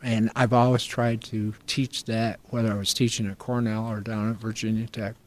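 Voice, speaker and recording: A man's voice: fairly low pitch, little pitch movement, normal speed, a little mellow. An older man from upstate New York answering interview questions about farm finance in an earnest, folksy, storytelling way. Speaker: agricultural finance professor.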